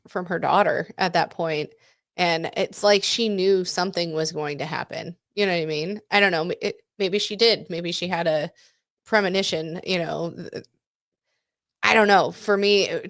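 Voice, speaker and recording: A woman's voice: lowish voice, fairly bright tone, no room sound, clean studio sound. A woman in her forties co-hosting a podcast, chatting candidly, swearing freely and laughing often. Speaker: podcast co-host. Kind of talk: casual chat.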